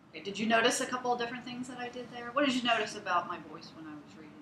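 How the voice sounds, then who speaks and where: A woman's voice: on the high side, racing, hardly any pauses, sharp tone, slight background noise. A woman teacher giving a one-on-one reading lesson, explaining things patiently, step by step. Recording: echoey room.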